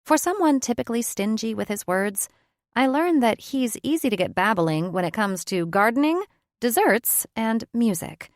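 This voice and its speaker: A woman's voice: a little high, animated, moderate pace, dry recording. A woman reads a first-person audiobook in a reflective, conversational way, close to the mic. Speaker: audiobook narrator.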